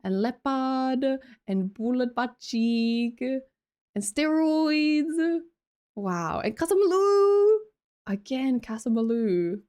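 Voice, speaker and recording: A woman's voice: sits high, expressive, slow, warm tone. A young Australian woman chatting casually on a live stream, reading out chat, teasing viewers, laughing often and swearing casually. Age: young adult.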